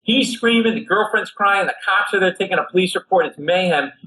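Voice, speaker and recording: A middle-aged man from Rhode Island tells a comic story as a guest, his voice pitched a little high. He acts out each person in the tale, leaping up in pitch for the quoted lines. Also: a little fast, rough recording. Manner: animated, acts out quoted people with big jumps in pitch. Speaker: guest comedy writer.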